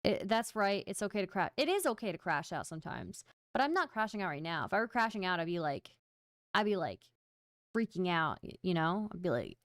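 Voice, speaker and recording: A woman's voice: on the low side, big pitch swings, brisk, a bit bright, no room sound, studio quality. A woman hosting a livestream, chatting casually and playfully with her viewers in a self-mocking way. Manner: playful, self-mocking, talks straight to chat. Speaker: livestream host. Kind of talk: casual stream chat to viewers.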